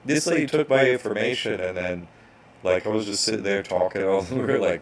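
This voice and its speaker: A man's voice: lowish voice, expressive, normal speed, vocal fry. A man casually telling a rambling story as an online course instructor, restarting sentences and acting out bank clerks.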